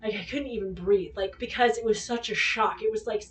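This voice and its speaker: A woman's voice: mid-range voice, brisk, recorded from a distance. A woman hosting a podcast who tells a personal story in casual chat, rambling and candid, swearing freely and acting out what people said. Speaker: podcast host.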